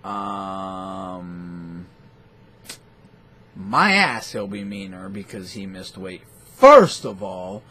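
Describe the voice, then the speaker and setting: A man's voice: deep voice, very slow, pauses often, slightly rough. A man hosting a boxing talk show, ranting in a profane, rambling and scornful way. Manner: foul-mouthed, animated, scornful.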